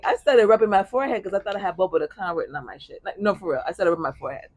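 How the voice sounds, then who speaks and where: A woman telling a personal story in casual chat, blunt and profane, with an animated delivery. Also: medium pitch, racing, no room sound. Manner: blunt, profane, animated retelling with bursts of laughter.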